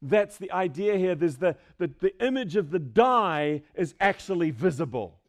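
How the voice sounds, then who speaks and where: A man's voice: high-pitched, sing-song, moderate pace. A man preaching an expository sermon in a church, stressing key phrases and repeating them for emphasis. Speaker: pastor. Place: church sanctuary with a screen.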